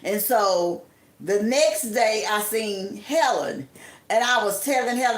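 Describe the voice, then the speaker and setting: A woman chatting casually on a live stream, telling stories in an animated way and acting out the voices of the people in them. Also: a little slow. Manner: animated, acts out quoted voices with big pitch jumps. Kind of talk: casual storytelling chat. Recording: echoey room.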